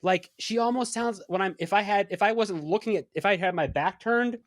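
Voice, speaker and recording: A man co-hosting a podcast talks about a favorite film, stumbling over restarts and throwing in eager asides. His voice sits a little high for a man. The sound is close and dry. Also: fairly bright tone, no echo. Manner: halting, restarts often, enthusiastic asides. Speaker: podcast co-host. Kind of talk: casual movie discussion.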